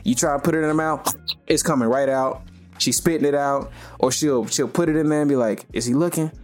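A man's voice: a little high, fairly even intonation, brisk, faint music behind. A young man hosting a podcast, chatting casually and rambling with plenty of "you know" fillers. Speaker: podcast host. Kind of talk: casual chat.

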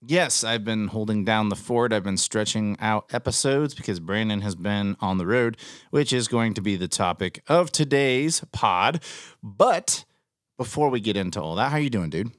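A man's voice: on the low side, expressive, moderate pace, no room sound, clean studio sound. A man hosting a casual podcast chat, talking bluntly and ranting with plenty of swearing. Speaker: podcast host.

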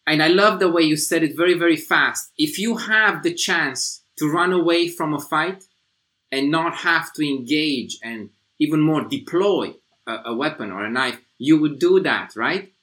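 A podcast host from Romania guiding an interview in a measured, affirming way. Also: mid-range voice, a bit bright. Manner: measured, affirming, sets out disclaimers. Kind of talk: interview hosting.

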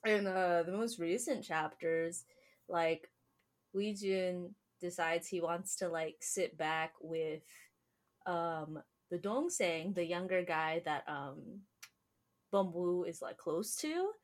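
A woman's voice: on the low side, slow. A woman hosting a podcast in casual chat, chatty and full of fillers, laughing often. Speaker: podcast host.

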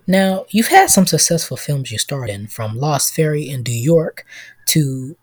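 A man hosting a scripted parody talk show in a deadpan, teasing manner. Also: fairly high pitch, a little slow, husky, dry recording. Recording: music and crowd laughter behind.

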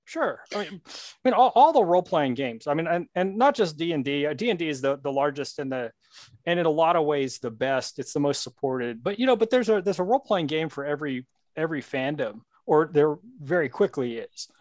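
A man's voice: on the high side, expressive, fairly quick, a little mellow, no room sound, clean studio sound. A man co-hosting a casual podcast chat, rambling with many restarts.

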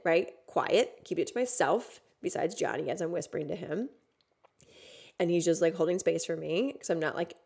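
Female podcast host, lowish voice, candid storyteller, swears and says "like" a lot. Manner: candid, swears freely, many fillers. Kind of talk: casual storytelling monologue.

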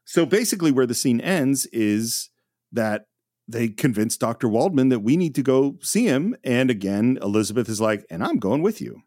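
Male podcast host, lively pitch, dry close sound, casual film chat. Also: moderate pace, no room sound. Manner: chatty, enthusiastic storytelling.

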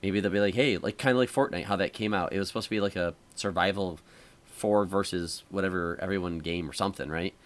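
A man's voice: low voice, fast. A man hosting a casual podcast chat, rambling through a story with lots of fillers and restarts. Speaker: podcast host.

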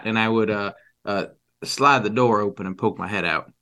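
A man's voice: fairly low pitch, steady tone, normal speed, pushed and bright. A man playing a tabletop game, stumbling through his character's actions with many fillers. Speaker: player.

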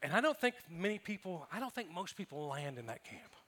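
With a high voice, big pitch swings, a brisk pace, and a sharp tone, a man preaches as pastor. He tells funny stories from his own life and acts out what others said.

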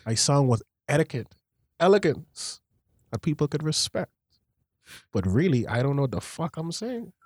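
Pompous male podcast preacher, slow and emphatic, dry close sound, put on by a man. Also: a little high, big pitch swings, dry recording. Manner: slow, emphatic, every last word stressed.

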